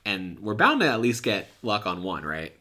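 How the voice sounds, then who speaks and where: Bright-voiced, joking male podcast co-host. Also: lowish voice, big pitch swings, moderate pace, a little hiss or hum. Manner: laid-back, joking, swears casually. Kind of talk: casual chat.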